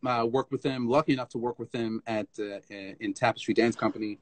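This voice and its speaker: A man as guest in a casual live interview, an animated storyteller who scats rhythms and restarts often, on a phone stream. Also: medium pitch, brisk, dry recording. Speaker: guest tap dancer.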